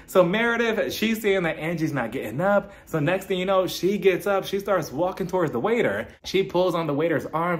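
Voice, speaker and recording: A man's voice: high voice, expressive, normal speed, hardly any pauses. A man recapping a reality show in a casual, gossipy way, laughing often and acting out quotes.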